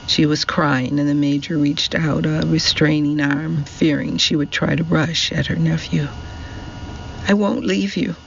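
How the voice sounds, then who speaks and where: A man narrating a novel in a measured storytelling manner. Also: fairly high pitch, little pitch movement, creaky, muffled recording, a little hiss or hum. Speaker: audiobook narrator. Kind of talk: scripted narration.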